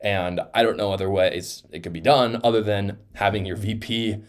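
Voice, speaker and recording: A man's voice: lowish voice, steady tone, moderate pace. A young man giving heated, scornful political commentary, emphatic and fired up.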